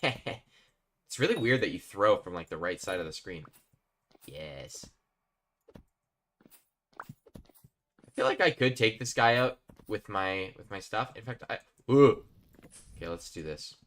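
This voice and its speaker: A man's voice: lowish voice, lively intonation, a little slow, long pauses, fairly bright tone. A man live-streaming a game, chatting casually and rambling to his viewers while he plays. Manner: chatty, rambling, talks to chat while playing.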